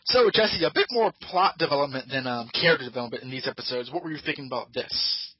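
A man's voice: medium pitch, animated, fast, husky, dull audio. A man hosting a podcast, casually recapping an episode with rambling, hesitant storytelling and put-on voices for the characters. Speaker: podcast host. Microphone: podcast microphone.

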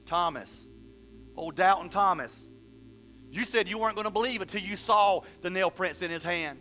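A man's voice: high voice, normal speed, bright, forceful tone, soft background music. A man pastor preaching a sermon, asking questions and reading scripture aloud. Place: church hall.

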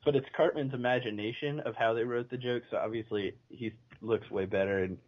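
A man's voice: mid-range voice, fairly even intonation, brisk, muffled recording, slight background noise. A man co-hosting a casual podcast chat, laughing often as he retells scenes. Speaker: podcast co-host.

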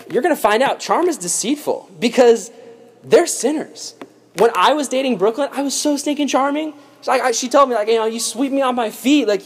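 A young adult man preaching a casual, lively youth sermon. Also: high voice. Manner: lively, casual storytelling with slang. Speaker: youth pastor.

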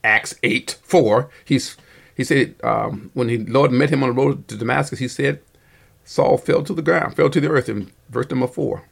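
A man preaching a Bible-study sermon as pastor, with a halting delivery full of fillers and self-corrections, growing earnest when he urges his listeners on. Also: medium pitch, vocal fry, breathy edge. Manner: earnest, rising emphasis on exhortations.

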